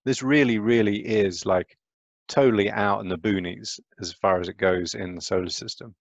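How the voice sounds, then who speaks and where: A man's voice: fairly low pitch, steady tone, normal speed, creaky, no echo, highs cut off. A man giving a casual, chatty lecture on astronomy, often checking in with "right?".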